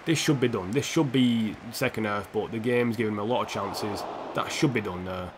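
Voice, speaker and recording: A man's voice: fairly low pitch, moderate pace, hardly any pauses, slight background noise. A young man live-streaming a football game, rambling and opinionated, swearing freely as he plays. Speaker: gaming streamer.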